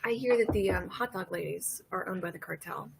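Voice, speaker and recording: A woman from Louisiana hosting a casual comedic monologue, rambling and cursing and laughing her way through dark topics. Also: fairly low pitch, a little fast, gravelly, noisy background. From Louisiana, USA. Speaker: host.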